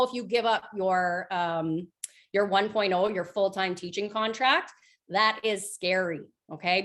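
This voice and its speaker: A woman in her thirties, a direct sales team leader, giving a chatty motivational talk on a group call, full of fillers and lively storytelling. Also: mid-range voice.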